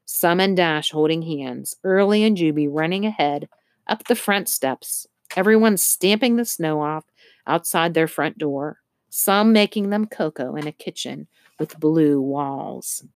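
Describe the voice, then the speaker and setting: A woman narrating an audiobook with expressive storytelling. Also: low voice, unhurried, dry recording, studio quality. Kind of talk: scripted narration.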